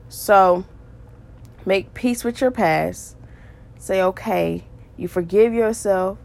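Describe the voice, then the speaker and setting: A woman hosting a podcast and sharing a faith testimony, earnest and repetitive, stressing points again and again. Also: mid-range voice. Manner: earnest and repetitive, with quick bursts of emphasis and laughs. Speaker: podcast host. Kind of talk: faith testimony talk, preaching.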